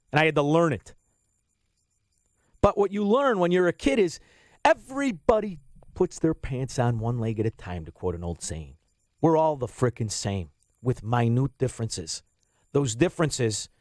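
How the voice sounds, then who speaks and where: A man's voice: a little high, no room sound, studio quality. A middle-aged man hosting a radio talk show, ranting bluntly and combatively with plenty of swearing. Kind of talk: opinionated talk radio monologue. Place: radio studio.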